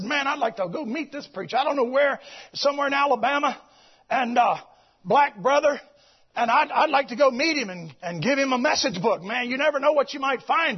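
A man preaching a fiery sermon, with a shouting, preachy cadence. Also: very high voice. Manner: shouting, preachy cadence, quotes others in character. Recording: muffled lo-fi recording.

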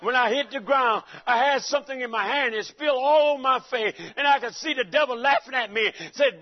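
A high-voiced man preaching in a church with a folksy, joking manner, calling out to his listeners and breaking into shouts. The recording sounds dull and lo-fi. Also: fairly quick, hardly any pauses. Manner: folksy, joking, calls out to the congregation. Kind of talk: sermon.

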